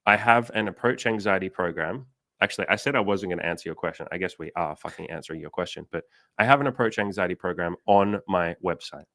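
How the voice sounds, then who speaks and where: A man's voice: deep voice, fast talker, fairly bright tone, no echo. A man hosting a casual livestream as a dating coach, blunt and swearing casually, acting out the people he quotes.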